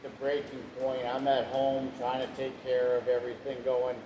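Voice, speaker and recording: With few pauses, normal speed and little pitch movement, a thirtysomething man's mid-range voice runs through his testimony about his life, casual and rambling, with the odd curse. He's a husband recording in a room at home, where the sound echoes over a background hiss.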